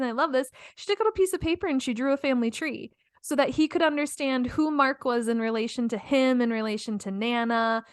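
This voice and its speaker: A woman's voice: on the high side, no room sound, clean studio sound. A middle-aged woman co-hosting a podcast in casual chat, talkative and laughing often. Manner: chatty, laughs often, many fillers. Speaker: podcast co-host.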